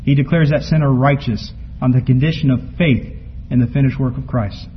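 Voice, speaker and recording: A man's voice: fairly even intonation, a little fast. Emphatic preacher man, muffled recording. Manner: preaching from scripture, rising to emphatic peaks then dropping low. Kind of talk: sermon. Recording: muffled lo-fi recording with faint background noise.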